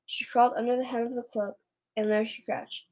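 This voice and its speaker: A woman reads a children's storybook aloud, steady and plain. Her voice sits fairly high. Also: brisk, rough recording. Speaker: reader.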